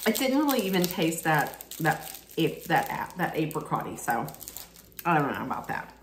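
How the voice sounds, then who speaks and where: Slow, chatty woman in a roomy space. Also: low-pitched, sing-song, slight background noise. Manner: chatty, candid, thinks aloud while tasting. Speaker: snack unboxing vlogger. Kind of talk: casual unboxing and taste-testing vlog. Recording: roomy echo.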